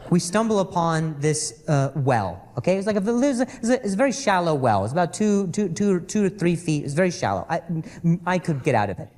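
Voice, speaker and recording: A man performing a live stand-up comedy set, with a halting delivery that repeats words and hums between phrases. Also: high voice, sing-song, a little mellow, a little hiss or hum.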